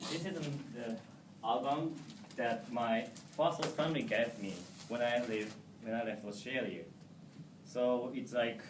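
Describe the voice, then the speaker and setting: A man's voice: mid-range voice, background noise. Young Japanese man, echoey distant recording. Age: young adult. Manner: hesitant, many fillers and restarts, friendly. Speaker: returning exchange student. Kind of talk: informal presentation to an audience. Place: meeting hall.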